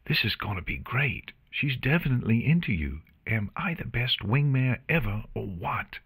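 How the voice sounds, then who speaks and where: A man's voice: mid-range voice, very animated, moderate pace, a bit bright, slightly rough, pitched above the performer's own voice, full character voice. A man voicing a cheeky, scheming young pegasus mare in a storybook reading, with a teasing, sarcastic manner.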